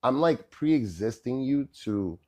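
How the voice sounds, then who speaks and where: A middle-aged man, a chef and podcast guest, telling stories in a casual, animated way and often checking in with "bro" and "right?". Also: medium pitch, takes it slowly. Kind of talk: casual storytelling chat.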